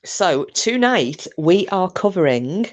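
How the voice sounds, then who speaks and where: A woman hosts a relaxed livestream chat, taking her time over each word. She is giggly and chatty and pokes fun at herself as she reads out the viewers' messages. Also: lowish voice, takes it slowly. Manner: giggly, chatty and self-mocking. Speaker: livestream host.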